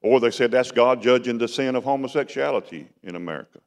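A man's voice: mid-range voice, fast talker, creaky. A man preaching a sermon in a conversational style that rises to emphatic bursts. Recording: long hall reverb.

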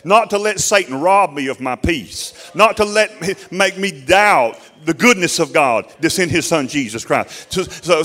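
Fervent folksy preacher man, higher voice. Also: lively intonation, normal speed, few pauses, sharp tone. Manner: repeats key phrases and asks the congregation questions. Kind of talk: sermon.

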